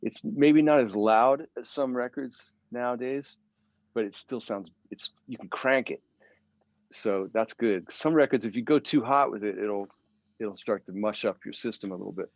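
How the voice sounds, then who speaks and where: A man's voice: medium pitch, normal speed, no room sound, lo-fi sound. A middle-aged man, a guitarist guest, chatting casually in an interview and telling stories with many fillers and restarts.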